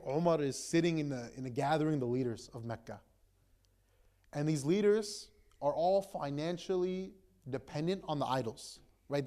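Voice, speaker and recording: A man's voice: on the high side, mellow. A young man in the role of an imam, telling a story in a casual sermon with frequent "right?" and "like" fillers. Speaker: imam giving a talk.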